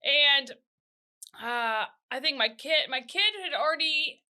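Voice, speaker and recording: High, bright-voiced woman telling stories. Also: slow. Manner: animated storytelling, acts out family voices. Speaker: podcast co-host. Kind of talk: casual chat.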